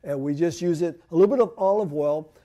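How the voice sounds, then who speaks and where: A man's voice: a little high, fast talker, mellow, muffled recording. A man giving a conversational church health talk on home remedies, asking and answering his own questions. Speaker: health presenter. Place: church hall.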